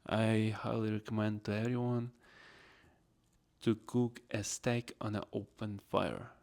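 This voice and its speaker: A man's voice: on the low side, level tone, unhurried, creaky, a little mellow, clear, resonant tone. A man hosting a casual solo podcast, rambling in non-native English phrasing. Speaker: podcast host.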